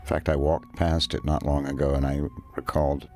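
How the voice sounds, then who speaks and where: Older man with a very deep, dry voice. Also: little pitch movement, normal speed, darkish tone. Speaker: actor giving film commentary. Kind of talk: audio commentary. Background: film soundtrack music.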